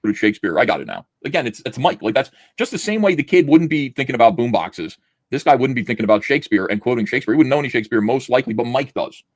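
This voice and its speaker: A man's voice: mid-range voice, very fast, no echo. A man casually reviewing a comic book, reading its dialogue aloud in a sardonic, mocking way. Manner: sardonic, mocking, reads quotes in flat deadpan.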